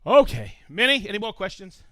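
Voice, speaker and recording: An excitable man hosts a live stream, whooping as he reads out shout-outs. His voice sits high and swoops around a lot. It is clear and crisp. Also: brisk, no echo. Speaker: host of a live tool demo stream. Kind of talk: casual live-stream chat.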